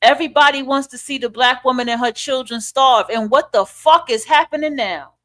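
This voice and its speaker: A woman's voice: sits high, fairly quick, pushed and bright. Profane, preachy woman podcast host. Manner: blunt, profane, preachy, with rhetorical questions. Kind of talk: ranting commentary monologue.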